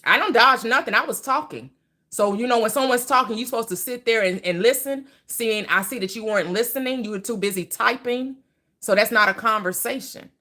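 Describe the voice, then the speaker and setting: Woman streamer, bright-toned, blunt, laughs often, casual. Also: fairly high pitch, fairly quick. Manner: blunt, laughing, talks back to chat. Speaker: live stream host. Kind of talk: casual live chat.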